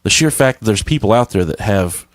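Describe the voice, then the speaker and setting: A man with a very low voice trades loose, profane jokes as a podcast co-host. His talk is casual and crude. The sound is dry and close, with no room in it. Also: expressive, a little fast, dry recording. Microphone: podcast microphone.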